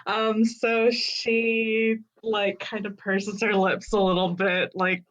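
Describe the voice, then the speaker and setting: A woman's voice: mid-range voice, flat delivery, takes it slowly, fairly bright tone, rough recording. A woman playing a tabletop role-playing game, casual and giggly as she describes her character's actions. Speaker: player.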